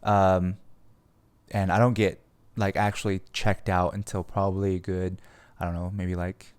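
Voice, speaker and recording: Young male podcast host, low and smooth; casual, rambling, swears freely. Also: level tone, measured pace, darkish tone, no room sound. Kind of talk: casual storytelling.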